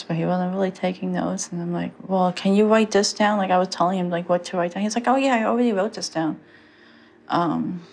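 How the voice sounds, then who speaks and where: A young woman telling her own story in a halting way, full of fillers and restarts. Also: lowish voice, vocal fry. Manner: halting, many fillers and restarts, quotes others. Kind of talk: personal testimony.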